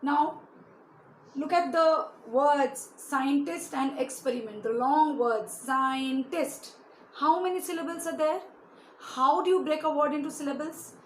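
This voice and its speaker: A woman's voice: sits high, unhurried. A woman teaching a lesson to young children, asking them many questions and often adding "you know". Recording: echoey room with faint hiss.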